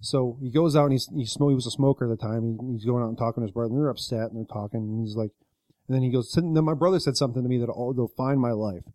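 A man's voice: mid-range voice, fast, mellow, dry recording. A man on a podcast casually retelling a story, rambling with many fillers and acting out what people said. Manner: rambling retelling with many likes and quoted voices. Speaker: podcast co-host.

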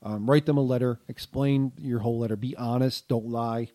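A man's voice: mid-range voice, fairly even intonation, moderate pace, dark tone. A middle-aged man with a stuffed-up nose co-hosting a casual podcast, rambling, with frequent ums and restarts. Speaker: podcast co-host.

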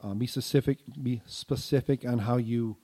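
A man's voice: mid-range voice, steady tone, moderate pace, mellow. Stuffed-up man rambling on a podcast. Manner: rambling, restarts often, lots of ums. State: stuffed-up nose. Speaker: podcast co-host. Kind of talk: casual podcast chat.

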